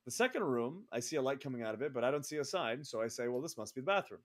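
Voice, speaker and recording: A man's voice: mid-range voice, expressive, very fast. A man co-hosting a podcast, telling a profane, self-mocking story in a casual way. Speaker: co-host of a wrestling podcast.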